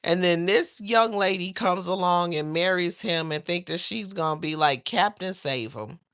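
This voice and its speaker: Woman livestream host, lower voice, gossipy and laughing, dry close sound. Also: moderate pace, clear, resonant tone, no echo. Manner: chatty, animated, laughs often, talks to the chat. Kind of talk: casual celebrity gossip livestream.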